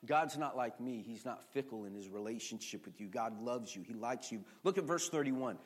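Swinging between shouting and almost hushed storytelling, a middle-aged pastor calls out questions to his congregation during a sermon. He speaks at normal speed with a medium-pitched, expressive voice.

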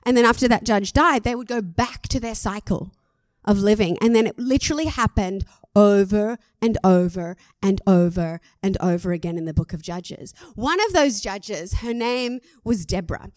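An Australian woman pastor preaching a sermon in a lively, conversational way, laughing at herself now and then. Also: on the high side, dry recording.

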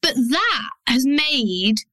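A woman's voice: sits high, big pitch swings, very slow, sharp tone, no echo, rough recording. Blunt Yorkshire woman podcasting. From Yorkshire, England. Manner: blunt, down-to-earth, chatty with mild swearing. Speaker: business coach and podcast host. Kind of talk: solo podcast monologue.

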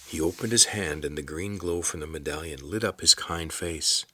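A man reading a fantasy novel aloud in a measured, steady storytelling manner. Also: very deep voice, slightly rough. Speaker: audiobook narrator. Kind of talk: scripted narration.

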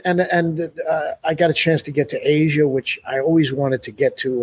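Older man, husky, rambling storyteller. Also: medium pitch. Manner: rambling, full of "you know" and restarts, laughs often. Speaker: musician guest. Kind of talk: casual interview storytelling.

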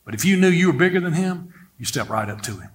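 A middle-aged man preaching a sermon, energetic and playful, with humor and stories, leading the congregation in repeating a verse aloud. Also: a little high, fast. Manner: energetic, playful, leads the congregation in call-and-response.

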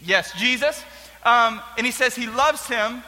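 A young youth pastor leads a casual Bible lesson for a group, unhurried yet chatty and animated, with plenty of jokes. His voice is high and very bright, trailed by a long hall reverb.

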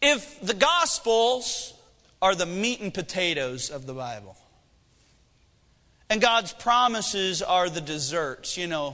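High, bright-voiced preacher in a hall. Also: male voice, sing-song, slow pace, long pauses. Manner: conversational preaching with humor and rhetorical questions. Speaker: pastor. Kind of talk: sermon.

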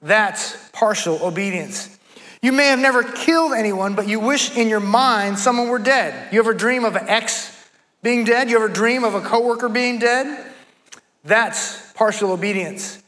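Man, pastor, very high voice, preaching to a congregation, repetitive cadence. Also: moderate pace, bright, forceful tone. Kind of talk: sermon. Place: church before a congregation.

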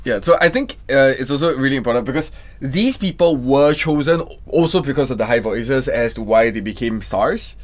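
A man hosting a casual podcast who asks curious questions about singing, with a speaking voice he calls lower, more comfortable in baritone. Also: lively intonation, normal speed. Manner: curious questioning, says he prefers the baritone range. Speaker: podcast host.

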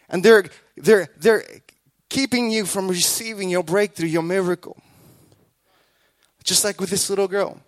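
A man with a notably high voice preaches a sermon, close and dry on the mic. He repeats key phrases, swells into loud exhortations, and slips into the voices of people in his stories. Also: no echo. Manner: emphatic, repetitive, builds to loud exhortation; acts out quoted voices in the telling.

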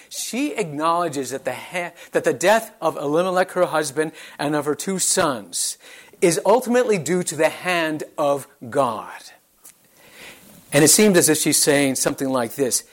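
A male pastor preaching a sermon in an earnest, measured way, often posing questions to the congregation. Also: a little high, lively intonation.

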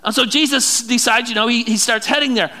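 A male pastor preaching a sermon in an animated way, often repeating words and slowing down for dramatic emphasis. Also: very high voice.

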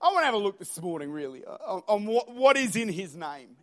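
A man preaching a sermon in a church with an Australian accent, energetic and humorous, rising to shouts at high points. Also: brisk. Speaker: pastor. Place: church auditorium.

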